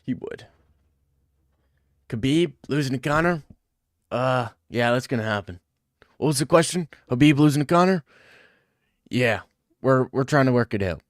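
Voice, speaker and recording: A man's voice: medium pitch, lively intonation, normal speed, long pauses, no room sound, clean studio sound. Man rambling in casual banter. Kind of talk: casual chat.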